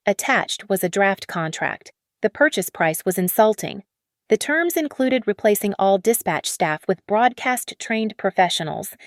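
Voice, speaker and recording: A woman narrating a first-person story in a steady, measured way. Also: mid-range voice, dry recording, clean studio sound.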